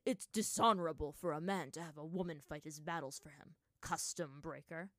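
Brief: woman voicing a spiteful middle-aged male fighter in a story reading, sneering and loud. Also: low-pitched, moderate pace, dry recording, clean studio sound. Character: venomous middle-aged male water warrior.

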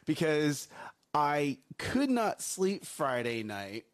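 A man co-hosting a morning talk show, chatting casually. His voice sits a touch high and swings through a lively range. He laughs often and repeats himself as he goes. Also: takes it slowly. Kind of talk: casual chat.

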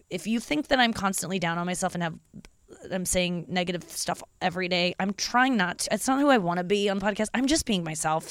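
Recorded in studio quality with no echo, the host's mid-range voice sounds smooth and fairly bright. The thirty-something St. Louis-area podcaster delivers a casual solo monologue that's candid, confessional, rambling, and full of fillers.

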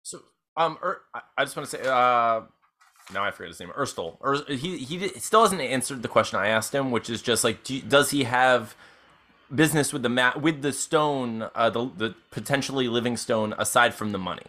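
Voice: mid-range voice, moderate pace, bright, forceful tone. A player in a tabletop game, talking casually and hesitantly. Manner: hesitant, giggly.

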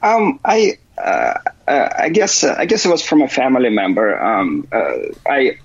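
A man's voice: mid-range voice, very animated, moderate pace, husky, no room sound. A man as a guest on a podcast, calling in remotely and talking hesitantly with many fillers and restarts. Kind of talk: casual interview. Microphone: remote call. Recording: muffled remote call audio.

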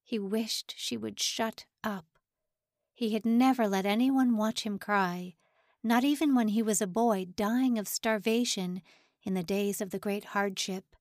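A woman narrates a story in an even, unhurried voice, taking her time over every sentence. The sound is dry and close, with no room around it. She keeps a steady storyteller's delivery throughout. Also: medium pitch, no echo. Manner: measured, unhurried reading. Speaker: audiobook narrator. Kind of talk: scripted narration.

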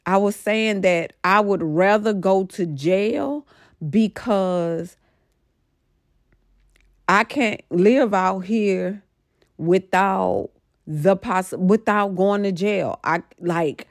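A woman's voice: mid-range voice, extremely slow, dry recording, studio quality. A middle-aged woman casually recounting a dream in a rambling, emphatic way, full of fillers. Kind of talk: casual storytelling about a dream.

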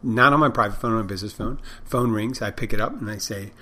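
A man's voice: on the low side, fast talker, pushed and bright. Rambling middle-aged man, dry humor. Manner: rambling, dry joking, chuckles at his own stories. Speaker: podcast host and restaurant owner. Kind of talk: casual unscripted monologue.

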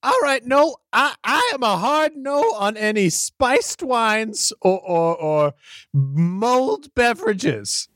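A woman's voice: fairly high pitch, expressive, slow, fairly bright tone, no room sound, studio quality. A woman in an improvised comedy chat, hesitant and drawn out. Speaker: improv player.

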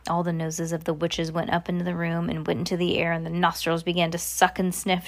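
A woman's voice: lowish voice, level tone, fairly quick, hardly any pauses. A woman reading a children's book aloud in a casual way, with small slips and giggles along the way.

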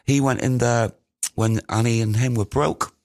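A man, a musician, recounting studio stories in a rambling, casual way with many pauses. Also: medium pitch, steady tone, darkish tone, dry recording. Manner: rambling, many ums and restarts. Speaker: musician guest. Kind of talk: casual anecdotal storytelling.

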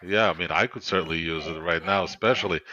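A man joining a casual podcast chat, joking and halting, with many fillers. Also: deep voice, bright, forceful tone, no room sound. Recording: dull lo-fi mic.

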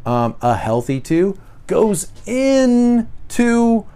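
A man's voice: sits high, very animated, drawn-out words, warm tone, smooth. A man hosting a faith-based self-help podcast, talking reflectively, repeating his questions aloud, with frequent "uh" and "you know". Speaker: podcast host.

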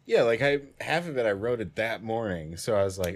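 A man in his twenties with a slightly low voice talks casually on a podcast. He rambles and sprinkles "like" everywhere as he recalls his music past. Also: animated, fairly quick. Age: 20s. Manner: loose, rambling storytelling full of "like". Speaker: electronic music producer and DJ.

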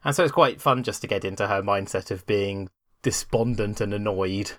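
A man's voice: on the low side, moderate pace, a bit bright, no echo, studio quality. A man co-hosting a casual podcast, enthusiastic and rambling, often restarting his sentences. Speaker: podcast co-host.

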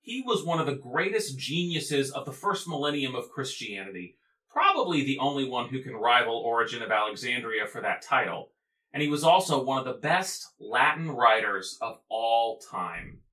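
A man's voice: medium pitch, sing-song, normal speed, pushed and bright. A man hosting a podcast, delivering a humorous scripted lecture on church history in a playful, theatrical way. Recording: roomy echo, off mic, faint music.

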